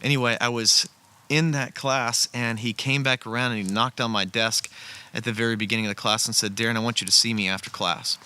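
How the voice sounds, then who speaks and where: Bright-voiced male storyteller, earnest and conversational, recorded outside by a fire. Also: medium pitch, steady tone, a little fast, clean tone. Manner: earnest, conversational, with frequent restarts. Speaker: storyteller sharing a personal testimony. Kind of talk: casual spoken storytelling. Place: outdoors beside a campfire.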